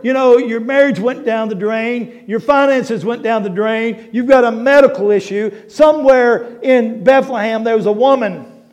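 A middle-aged male pastor preaching a sermon in a folksy storytelling way, building to emphatic shouts. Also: extremely high pitch.

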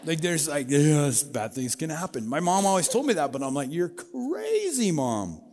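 A middle-aged man preaching a sermon in a relaxed, conversational way, storytelling and acting out quoted voices. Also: on the high side, a little fast, big-room sound, a crowd in the background. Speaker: pastor.

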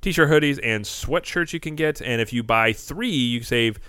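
A man's voice: medium pitch, normal speed, pushed and bright, smooth, no echo, clean studio sound. A man co-hosting a podcast in casual chat, rambling and joking, often correcting himself mid-sentence. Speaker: podcast co-host.

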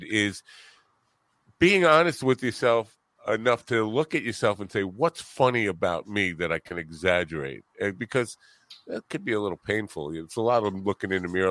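Fairly bright but on the low side, the voice belongs to a man with a Long Island New York accent. He hosts a casual chat, thinking aloud in a rambling style full of restarts and a falling tone, recorded with no echo.

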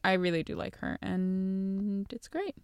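A woman in her twenties co-hosting a casual podcast chat, animated, laughing often and acting out quotes. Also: mid-range voice, unhurried, clear, resonant tone, dry recording, studio quality. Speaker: podcast co-host.

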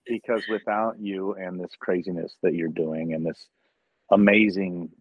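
A man's voice: deep voice, steady tone, unhurried, breathy edge, no echo, lo-fi sound. A man who manages talent at conventions, in casual podcast chat, earnestly telling stories and acting out the conversations in them.

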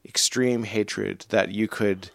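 Halting male guest in a dry studio. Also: lowish voice, steady tone, vocal fry, no room sound. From New England. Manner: halting, restarts often. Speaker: guest musician. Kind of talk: casual chat. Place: recording studio.

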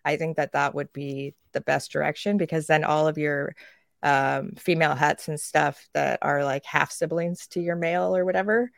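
A woman co-hosting a casual podcast. She rants in a lively way, swears freely and acts out quoted characters. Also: sits low, normal speed, gravelly, dry recording, clean studio sound. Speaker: podcast co-host.

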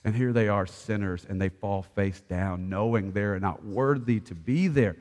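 A man preaching a sermon, swinging between loud, ringing declarations and hushed, soft passages. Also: fairly low pitch, a little slow, big-room sound. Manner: impassioned preaching, swelling loud then dropping soft. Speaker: pastor.

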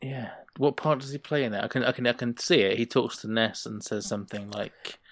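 A man's voice: mid-range voice, fairly quick, fairly bright tone, no room sound. A man co-hosting a podcast, chatting casually and animatedly as he recaps a sitcom episode. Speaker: podcast co-host.

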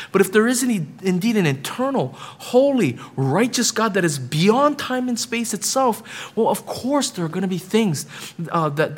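Husky-voiced man preaching with emphatic build-ups. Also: high voice. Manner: checks in with the listeners with frequent "right?". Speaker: pastor. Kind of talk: sermon.

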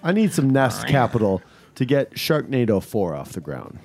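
A man's voice: big pitch swings, moderate pace, gravelly, a little mellow. A man hosting a casual comedy chat, playful and jokey. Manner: playful, jokey, pitch jumping around.

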